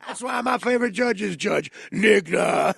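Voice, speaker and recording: A man's voice: high voice, gravelly, sharp tone, breathy edge. A man co-hosting a casual talk show, telling rambling, joking, profane anecdotes. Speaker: co-host. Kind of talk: casual chat.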